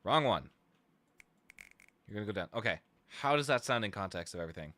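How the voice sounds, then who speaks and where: A man on a casual live stream, talking to himself and his chat while he builds a track. His voice is bright and bouncy, jumping around a lot in pitch, with halting restarts that break into excited bursts. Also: slight background noise. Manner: thinks aloud, hesitant restarts, sudden excited outbursts. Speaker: streamer making music.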